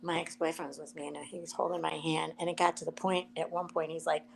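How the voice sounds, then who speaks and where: A woman chatting casually on a live stream, telling a story with lively acted-out quotes and frequent laughter. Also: low-pitched, fast talker, creaky, poor audio. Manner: animated storyteller, acts out quotes, laughs often.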